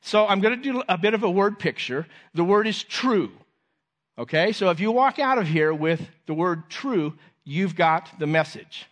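A man preaching a sermon to a congregation, earnest, repeating his phrases and letting lines fall softly at the end. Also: high voice, lively intonation, normal speed.

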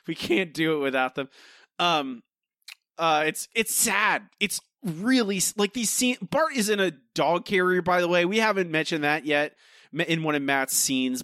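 A man's voice: a little high, bright, forceful tone, no room sound, studio quality. A man co-hosting a podcast, ranting in exasperation about an episode and saying "like" a lot. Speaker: podcast co-host. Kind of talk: casual episode review chat.

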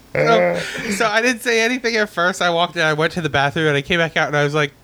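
A man's voice: on the high side, fairly even intonation, fairly quick, gravelly, bright, forceful tone. A man co-hosting a podcast, chatting casually, often laughing and using lots of fillers. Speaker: podcast co-host. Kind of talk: casual chat.

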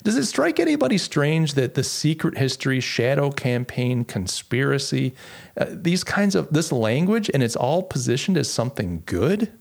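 A man's voice: mid-range voice, big pitch swings, normal speed, creaky. A man hosting a political talk show, reading quotes from an article aloud with sarcasm and plenty of restarts. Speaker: podcast host.

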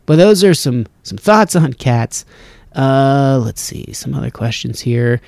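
A man's voice: mid-range voice, animated, unhurried, vocal fry, a little mellow, dry recording. A man hosting a solo podcast from his home studio, rambling casually and breaking off his own sentences. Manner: casual, rambling, self-interrupting. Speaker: podcast host.

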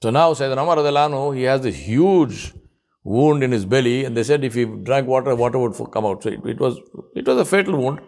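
This preacher tells his sermon as a story, expressive and fast, throwing out rhetorical questions. Arabic honorifics come up often, and on each one his voice sinks quiet and low.

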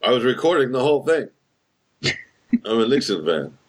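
A man's voice: medium pitch, very animated, normal speed. A man co-hosting a podcast, chatting casually and jokingly, acting out movie lines in put-on voices. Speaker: podcast co-host. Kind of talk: casual comedic chat.

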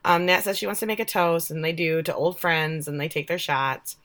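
Woman co-host, casual episode recap, bright tone, animated delivery. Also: low voice, fairly quick. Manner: animated, quotes characters in lively voices. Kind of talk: casual chat.

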